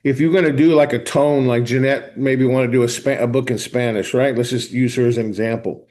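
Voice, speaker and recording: A man hosting a live online class, talking viewers through software step by step in a casual, chatty way. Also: mid-range voice, steady tone, brisk. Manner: casual, talks to viewers directly, thinks aloud while clicking. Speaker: host of a software training session. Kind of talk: live screen-share walkthrough.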